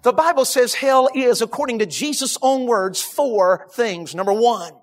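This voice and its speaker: A man preaching a sermon, telling a story dramatically and dropping to hushed tones, addressing the congregation directly. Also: very high-pitched, measured pace.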